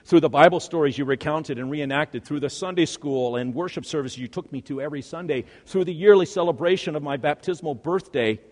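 A man preaching an earnest first-person monologue, swinging between hushed and loud passages. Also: on the high side, a little fast, few pauses, big-room sound.

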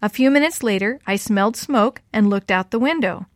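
A woman voicing a lonely, kindly elderly lady in an audiobook, speaking gently and a little slowly. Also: mid-range voice, no room sound, clean studio sound, lightly acted. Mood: wistful. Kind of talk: audiobook character reading.

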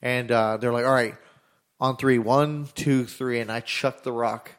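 A man's voice: mid-range voice, fairly even intonation, a little slow, clean tone. Swearing young man telling a story. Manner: rambling, swears freely, acts out dialogue. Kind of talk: casual storytelling.

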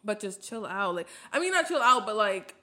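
A woman's voice: medium pitch, sing-song, normal speed, pushed and bright. A woman guest on a podcast, telling a story emphatically in casual chat.

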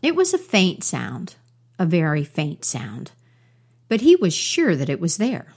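A woman storyteller telling a folk tale aloud in a gentle, measured way. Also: fairly low pitch, huge pitch swings, breathy edge. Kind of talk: oral storytelling.

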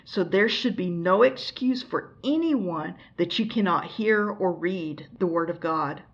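A woman's voice: on the low side, lo-fi sound. A woman from the United States giving an earnest, exhorting sermon and asking the listener pointed questions. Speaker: preacher. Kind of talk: recorded teaching sermon.

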